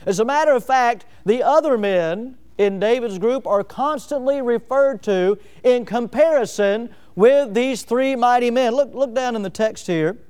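A man's voice: extremely high pitch, measured pace, few pauses, a little mellow, smooth. A man from Northwest Florida preaching a sermon, asking the congregation pointed rhetorical questions and building up emphasis. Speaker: pastor.

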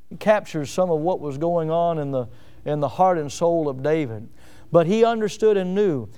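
A middle-aged man, preaching an evening sermon in an earnest manner, slowing down to recite hymn verses. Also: on the high side, lively intonation, dark tone, clear, resonant tone. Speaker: pastor.

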